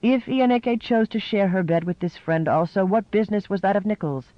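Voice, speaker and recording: A man reading a novel aloud in measured, scripted narration. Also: sits high, dry recording, muffled recording. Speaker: audiobook narrator.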